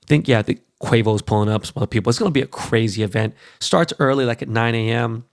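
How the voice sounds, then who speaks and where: A man's voice: mid-range voice, quick pace, no echo, clean studio sound. A man hosting a podcast, ranting casually and profanely about basketball and plugging events. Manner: profane, animated sports rant. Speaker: podcast host.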